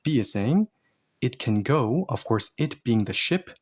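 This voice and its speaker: Guy teaching korean grammar, slightly husky voice, patient and a bit playful, walks through it step by step. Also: mid-range voice, very animated, a little slow. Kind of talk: explaining grammar in a lesson.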